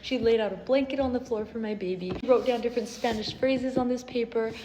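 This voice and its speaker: A young woman telling an earnest, emotional story from her own life as a vlogger, with soft laughs now and then. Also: a little high, steady tone, fast. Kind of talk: personal storytelling. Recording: slight hall reverb, faint noise.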